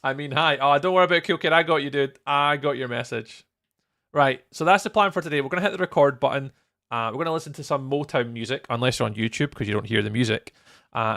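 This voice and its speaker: A Scottish man with a medium-pitched, creaky, fairly bright voice chats casually with viewers on a live stream as he builds in a game. He greets people by name and laughs often.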